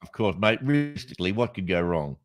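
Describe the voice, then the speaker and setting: A man's voice: on the low side, big pitch swings, brisk, faint music behind. A middle-aged Australian man co-hosting a casual chat, rambling and joking, often breaking into laughter. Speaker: podcast co-host.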